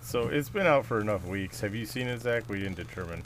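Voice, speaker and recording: A man's voice: fairly low pitch, brisk, a little hiss or hum. A man co-hosting a podcast, chatting casually and swearing as he laughs through a retelling. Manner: profane, laughing, animated retelling. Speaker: podcast co-host. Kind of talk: casual chat.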